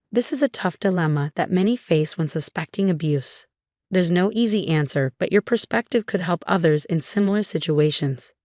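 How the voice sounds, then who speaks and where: Low-voiced woman narrating drama stories. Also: darkish tone, no echo, studio quality. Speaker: story narrator. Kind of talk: scripted narration.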